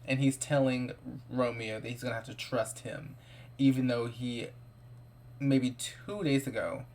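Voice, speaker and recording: A man's voice: mid-range voice, steady tone, a little slow, a little mellow. A man giving casual, playful let's-play commentary, gossiping about his characters and improvising their lines. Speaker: gameplay commentator.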